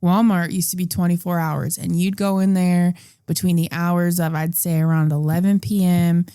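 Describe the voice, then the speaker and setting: A woman's voice: on the low side, level tone, normal speed, warm tone, clean tone, dry recording, studio quality. A woman co-hosting a podcast, chatting about a movie in a casual, swearing manner. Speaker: podcast co-host. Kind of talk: casual comedic movie recap.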